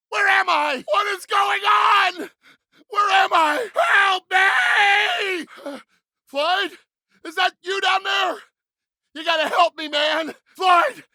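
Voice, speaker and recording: An actor playing panicked men in a video game, screaming and begging for help. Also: male voice, extremely high pitch, sharp tone, no room sound, exaggerated voice. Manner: screaming, pleading. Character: terrified men being sacrificed in a game.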